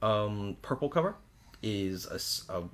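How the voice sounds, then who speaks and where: Man, low voice, enthusiastic, laughs often, casual product chat on a game shop livestream. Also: expressive, a little slow, a little hiss or hum. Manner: enthusiastic, laughs often, loses his words. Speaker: co-host of a game shop show.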